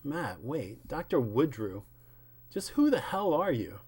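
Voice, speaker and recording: A man's voice: medium pitch, big pitch swings, unhurried, darkish tone, breathy edge, voice pushed up. A man voicing a frightened young woman in a comic book reading, in a raised, pleading voice. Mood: indignant.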